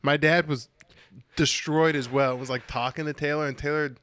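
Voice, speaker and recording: A man's voice: on the high side, normal speed, clean tone. A man co-hosting a casual podcast, swearing and telling stories about his family at a comedy show. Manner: swearing, storytelling, animated quoted voices. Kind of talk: casual chat.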